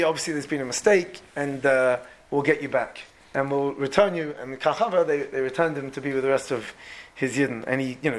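A man preaching, retelling a true story and acting out its people with lively, repeating speech. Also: a little high. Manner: animated, repeats words, voices the people in the story. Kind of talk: storytelling sermon.

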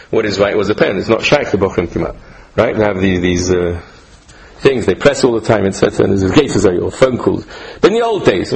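An older man teaching a Torah class, animated and rhetorical, repeating phrases and mixing in Hebrew and Yiddish terms. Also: mid-range voice, rough recording. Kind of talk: Torah lecture.

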